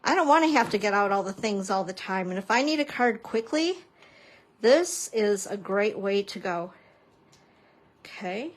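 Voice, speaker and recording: A woman papercrafting instructor chatting through a casual live-stream craft demo, playful and self-mocking with joking asides. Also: fairly high pitch.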